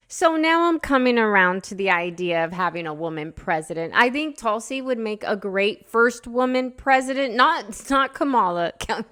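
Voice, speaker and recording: A woman's voice: on the high side, a bit bright. A woman from the United States talking in a casual opinion vlog, chatty and emotional, rambling with many fillers. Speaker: vlogger.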